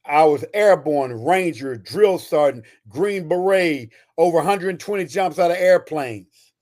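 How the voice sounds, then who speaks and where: A man's voice: fairly high pitch, expressive, a little mellow. A man in his sixties, a retired soldier and author, telling stories with emphatic energy. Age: 60s. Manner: emphatic, fast-talking storyteller. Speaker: guest, retired Army Ranger and author. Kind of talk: animated storytelling.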